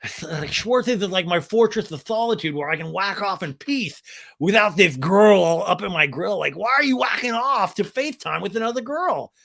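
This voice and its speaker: A man's voice: high voice, expressive, normal speed, vocal fry, a bit bright, pitched above the performer's own voice, full character voice. A man doing a comic impression of a defensive young guy who whines and pleads, leaning on "dude". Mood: exasperated.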